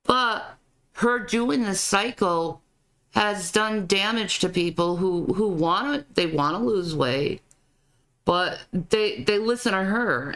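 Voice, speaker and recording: A woman's voice: on the low side, fairly bright tone. A woman commenting on a video clip, often stammering and repeating her words. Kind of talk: reaction commentary.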